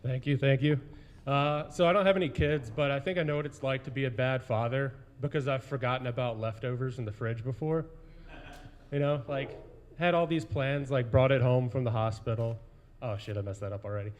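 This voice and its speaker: A man's voice: mid-range voice, fairly quick. A man doing stand-up storytelling at an open mic, rambling casually with lots of fillers. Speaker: stand-up comic. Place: brewery taproom stage.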